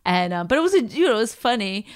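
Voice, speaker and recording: A woman stand-up comedian and podcast co-host chats casually, her voice a little high, sing-song, and fast. She tells a rambling story full of restarts and quoted voices.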